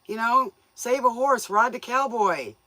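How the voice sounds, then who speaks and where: A woman's voice: fairly high pitch, expressive, a little slow, bright, forceful tone, no room sound. A woman hosting a tarot livestream, chatting casually with viewers in a folksy, joking way, often laughing and playfully scolding them.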